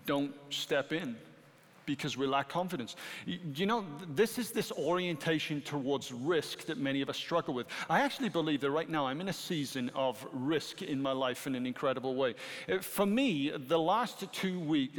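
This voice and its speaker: A middle-aged British man preaching a sermon as pastor, animated and rising to emphatic peaks. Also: on the high side. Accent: British English. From Britain. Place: church sanctuary. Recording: long hall reverb.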